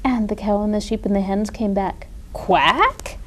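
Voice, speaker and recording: A weary farm duck, played by a woman, quacking and asking in a worn-out storybook voice. The duck sounds overworked and gentle. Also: medium pitch, a little slow, slight background noise, close to an everyday voice. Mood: puzzled. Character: tired hardworking farm duck.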